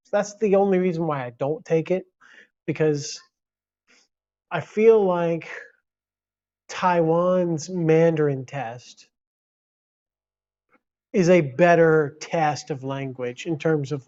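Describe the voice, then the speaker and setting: A man's voice: on the high side, darkish tone, dull audio. A man from the United States chatting casually on a live stream, rambling and reacting to viewer comments.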